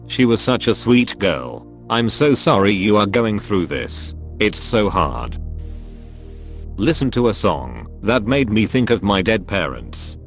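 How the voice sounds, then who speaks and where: Guy reading reddit comments out loud, lowish voice, goes up and down a lot, faint music behind. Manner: reads every text literally, web links spelled out. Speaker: narrator reading online comments. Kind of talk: scripted narration.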